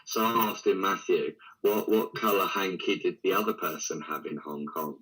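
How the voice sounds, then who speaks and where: A man's voice: deep voice, moderate pace, fairly bright tone, breathy edge, faint music behind, poor audio. A man guesting on a live call, chatting casually and cutting in with cheeky jokes. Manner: cheeky interrupter, joking.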